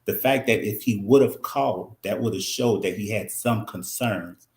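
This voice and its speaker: Deep-voiced man in an echoey room. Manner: measured, halting, with fillers. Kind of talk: casual reality TV recap chat.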